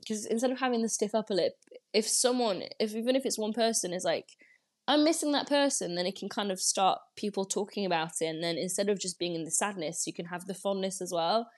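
A woman's voice: mid-range voice, fairly even intonation, fast. Chatty reflective young woman. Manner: chatty and reflective, many fillers like "like". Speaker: podcast guest. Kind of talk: casual conversational interview.

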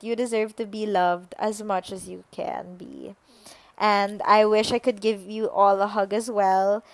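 A young woman hosting a solo podcast, musing unhurriedly with pauses and fillers. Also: fairly high pitch, no echo. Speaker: podcast host. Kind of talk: reflective solo podcast talk.

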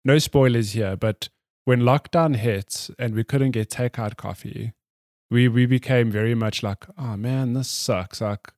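A man's voice: medium pitch, a little slow, darkish tone, no room sound, clean studio sound. A man co-hosting a podcast, telling rambling anecdotes in casual chat and laughing often. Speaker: podcast co-host.

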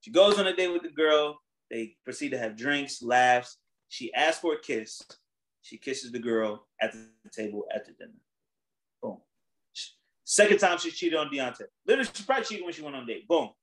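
A man hosting a casual chat, retelling a story in animated, slangy, profane talk. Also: medium pitch, moderate pace, poor audio.

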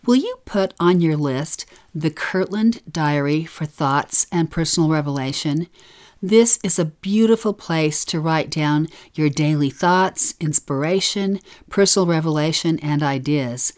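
Low-voiced woman reading a podcast intro. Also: a little mellow. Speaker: podcast co-host. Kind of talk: scripted podcast intro and promotion.

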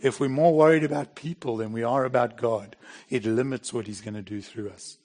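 A man's voice: mid-range voice, a little fast, darkish tone. A middle-aged man preaching a sermon in a plain, conversational way, with bursts of emphasis. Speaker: pastor.

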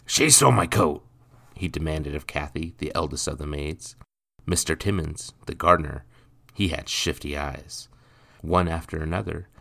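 A man narrating a dark period story for a podcast in a measured, even reading voice. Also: extremely low pitch, gravelly.

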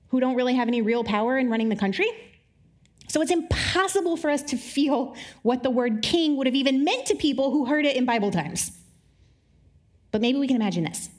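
A woman giving a conversational sermon to a live audience, wry and joking, with quick asides. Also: on the high side. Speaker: speaker. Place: live talk before an audience.

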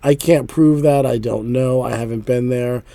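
A man from Philadelphia chats casually on a podcast, leaning into stories and breaking into laughter often. His voice sits at an average pitch, recorded close and dry with no room sound. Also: steady tone, normal speed, gravelly, warm tone, dry recording. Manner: laughs often, storytelling, repeats "like". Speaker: podcast co-host.

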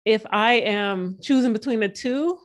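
A woman's voice: on the high side, a little slow. A woman co-hosting a casual sports podcast, chatty and digressive, joking as she goes. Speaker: podcast co-host.

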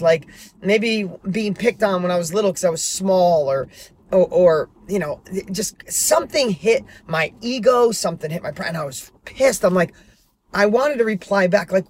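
A middle-aged man hosting a podcast, telling a personal story in a candid, animated way with some mild swearing, recorded from his parked car. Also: sits high. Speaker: podcast host. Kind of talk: motivational monologue.

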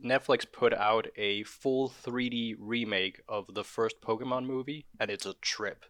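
A man's voice: medium pitch, steady tone, unhurried, fairly bright tone, no echo. A man co-hosting a podcast in casual chat, rambling and hedging with fillers as he talks. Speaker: podcast co-host.

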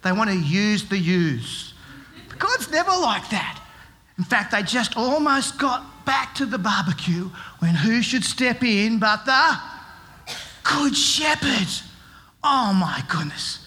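A man's voice: high-pitched, very animated, slow, bright, forceful tone. A middle-aged man giving a playful children's talk at a church service, telling a story with jokes and asking the kids questions. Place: church service with live audience.

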